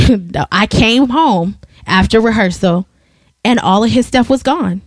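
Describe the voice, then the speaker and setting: A woman's voice: fairly high pitch, measured pace. A woman co-host chats casually and tells a story with energy, acting out the voices of the people in it. Her voice sounds close and dry, with no room echo. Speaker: podcast co-host. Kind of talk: casual chat.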